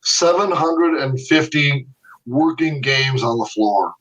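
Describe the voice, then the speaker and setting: A man's voice: mid-range voice, lively intonation, slow pace, fairly bright tone, distant mic, muffled recording. A man telling stories as a podcast interview guest. He laughs often and repeats his words as he goes. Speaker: interview guest, video game artist.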